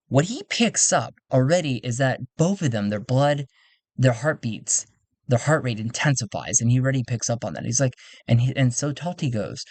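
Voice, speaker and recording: Casual solo-game narrator, man, mid pitch, rambling asides, dry close mic. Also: dry recording. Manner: rambling, self-mocking asides.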